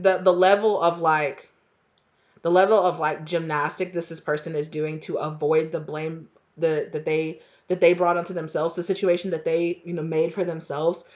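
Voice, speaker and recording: A woman's voice: low voice, flat delivery, normal speed, a little mellow, lo-fi sound. A woman giving a casual tarot reading, chatty and full of fillers, laughing now and then. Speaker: tarot reader.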